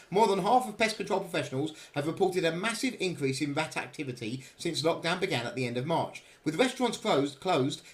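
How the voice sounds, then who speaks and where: Fast-talking man hosting a podcast. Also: on the high side. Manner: teasing, reads out news items. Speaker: podcast host. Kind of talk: casual panel chat.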